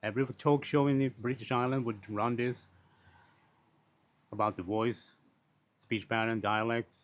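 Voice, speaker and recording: A man of middle pitch ranting in a blunt, loose monologue, dropping swear words and circling back on his own points. The recording is dull and lo-fi, with muffled highs. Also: steady tone, unhurried. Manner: blunt, rambling, swears freely. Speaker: commentator on social issues. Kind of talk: casual unscripted monologue.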